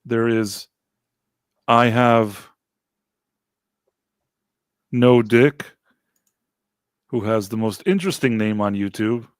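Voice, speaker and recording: Relaxed man hosting a livestream chat. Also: mid-range voice, slow, long pauses, smooth, no room sound, studio quality. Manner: relaxed, thanking chat viewers. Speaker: podcast host.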